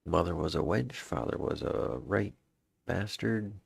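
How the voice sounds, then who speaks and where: A man voicing a boastful old male pirate captain in a put-on Southern drawl, reading a journal aloud with gruff, drawn-out delivery. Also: low-pitched, expressive, no room sound, heavily acted. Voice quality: gravelly, drawn-out pirate speech. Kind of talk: dramatic reading of an in-game journal.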